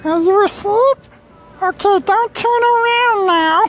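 Elmo, a squeaky furry monster. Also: male voice, slow, a bit bright, full character voice. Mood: creepy. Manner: squeaky falsetto, sing-song, gleefully menacing. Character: Elmo, small furry childlike monster, cheerful yet creepy.

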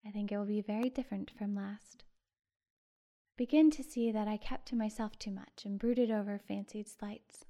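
A woman reading the lines of a shy, lonely young woman student, quiet and gentle. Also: mid-range voice, fairly even intonation, moderate pace, close to an everyday voice.

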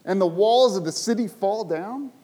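A male preacher with a notably high voice delivers a sermon. He retells old stories with emphatic rises and throws rhetorical questions at his listeners. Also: moderate pace, mellow.

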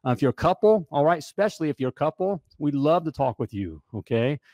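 A man coaching plumbers in a casual, joking sales pitch, often checking in with "all right?". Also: expressive, fast, darkish tone, dry recording, studio quality. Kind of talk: casual promotional pitch to camera.

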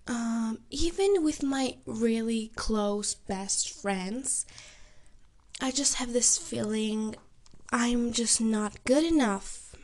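Slow, hesitant young woman podcaster. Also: on the high side, a little mellow. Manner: hesitant, self-doubting. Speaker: podcast host. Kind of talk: personal podcast monologue.

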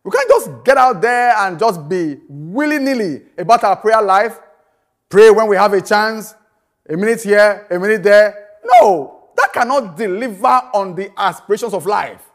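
A man's voice: sits high, expressive, normal speed. A man preaching a sermon, emphatic, repeating phrases and asking rhetorical questions.

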